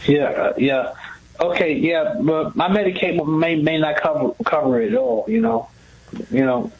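A man calling in to a radio show, speaking haltingly and repeating his words. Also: on the high side, vocal fry, slightly rough, lo-fi sound. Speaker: caller. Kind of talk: call-in radio talk.

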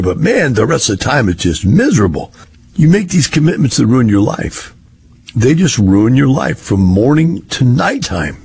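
A man's voice: lowish voice, vocal fry, darkish tone, breathy edge. An older man, talking in a rambling, folksy monologue. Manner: rambling, folksy, repetitive phrasing. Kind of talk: casual monologue.

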